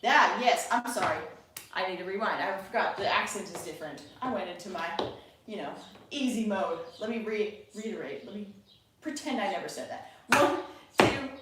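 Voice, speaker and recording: A woman with a mid-range voice, talking a little fast, teaches an online tap class from a home room by a window with birds outside. She's chatty, counts beats aloud and keeps checking in with students. The echoey room, distant mic and loud tapping make for a noisy background of taps and birdsong.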